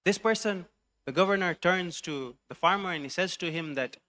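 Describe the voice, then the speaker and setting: A male preacher with a bright, forceful and fairly high voice carries a story sermon. He narrates in English and drops in recited Arabic phrases as he goes. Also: normal speed. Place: mosque hall.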